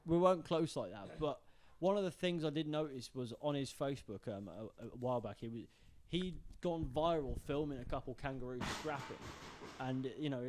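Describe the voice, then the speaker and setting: A man's voice: mid-range voice, normal speed, a little mellow, slight background noise. A man co-hosting a podcast in casual chat, joking, swearing and telling anecdotes. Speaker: podcast co-host.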